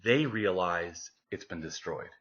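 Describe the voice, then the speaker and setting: A man, as an interview guest, telling a story in a casual, animated way, with many fillers and restarts. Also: low voice, a little slow. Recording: lo-fi, dull sound.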